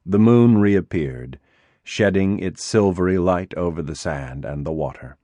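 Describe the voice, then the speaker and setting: A man narrating a suspense novel in a measured, expressive audiobook reading. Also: sits low, no echo. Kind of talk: scripted narration.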